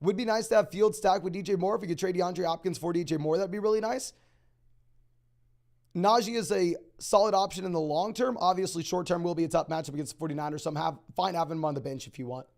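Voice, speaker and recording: A young man hosting a live stream, answering viewer questions in a rapid, auctioneer-like delivery. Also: high-pitched, gravelly, a little mellow. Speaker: fantasy football host.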